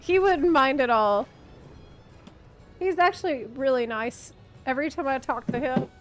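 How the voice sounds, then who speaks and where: A woman's voice: high-pitched, unhurried, music in the background. A woman streamer chatting casually with teammates while gaming, playful and giggly. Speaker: game streamer.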